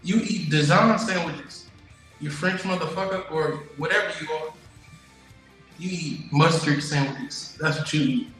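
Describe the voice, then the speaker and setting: A man's voice: on the high side, unhurried, a bit bright. Teasing man in an echoey room. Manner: teasing, stammering restarts, repeats jabs. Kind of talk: heated casual argument. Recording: very echoey room, faint guitar music.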